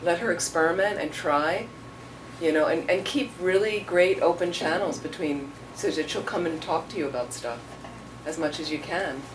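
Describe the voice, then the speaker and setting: A woman teacher answering questions from her audience, rambling into stories and acting out what people said. Her voice sits a little low. She is heard from a distance over clear background noise. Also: moderate pace. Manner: rambling, storytelling, acts out quotes. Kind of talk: casual dharma talk. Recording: distant mic, noisy room.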